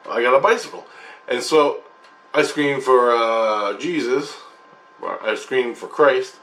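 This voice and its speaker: A man who hosts his own channel, casually retelling a dream in a rambling, halting way full of restarts. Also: mid-range voice, fairly bright tone. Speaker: channel host sharing spiritual experiences. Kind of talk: casual spoken recounting of a dream.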